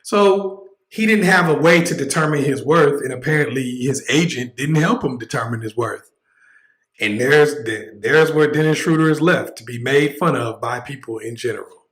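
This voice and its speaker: A man's voice: mid-range voice, moderate pace, a bit bright, echoey room, low-quality recording. Blunt, joking man streaming live. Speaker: livestream host. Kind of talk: casual livestream commentary.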